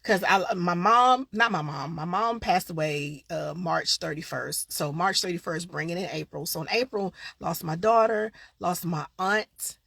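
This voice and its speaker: A woman's voice: on the low side, measured pace, creaky, few pauses, fairly bright tone, husky, dry recording. A woman hosting a casual live-stream show, chatting candidly and directly to her viewers. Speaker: host of a live online show.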